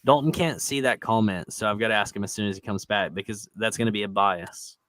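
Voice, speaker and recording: A man's voice: fairly low pitch, fairly quick, fairly bright tone, dry recording. A man hosting a casual group podcast, laid-back and profane, laughing often and filling gaps with ums. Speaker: podcast host.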